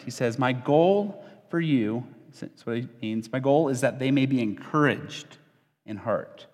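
A man's voice: mid-range voice, darkish tone. Man preaching in a reverberant church hall. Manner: conversational, acts out quoted voices, with fillers and restarts. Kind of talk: sermon.

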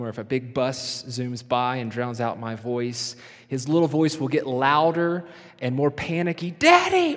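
A middle-aged man preaching a sermon in a church, earnest and slowing down to soften his voice for emphasis. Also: medium pitch. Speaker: pastor. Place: church sanctuary. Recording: long reverb of a large hall.

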